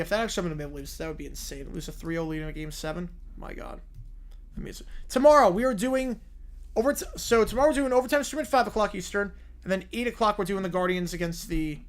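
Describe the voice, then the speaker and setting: A man's voice: high voice, a bit bright. A man hosting a sports livestream, chatting offhandedly as he wraps up the show. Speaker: livestream host. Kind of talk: casual livestream sign-off.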